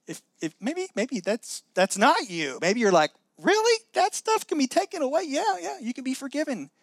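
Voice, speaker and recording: A middle-aged man preaching a sermon, animated, acting out quoted voices with many restarts. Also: fairly high pitch, no room sound. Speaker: pastor.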